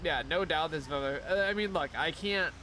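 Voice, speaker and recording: A man's voice: on the high side, moderate pace, sharp tone, slight background noise. A young man streaming live, chatting casually in a rambling, profane way and laughing often. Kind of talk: casual chat while streaming a game.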